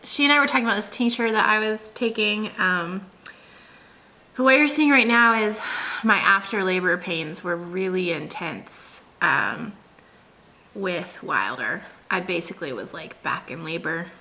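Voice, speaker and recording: A woman's voice: fairly low pitch, lively intonation, measured pace, bright, forceful tone. A woman in her thirties, a vlogger, telling a story in a chatty, casual way with lots of fillers and laughs.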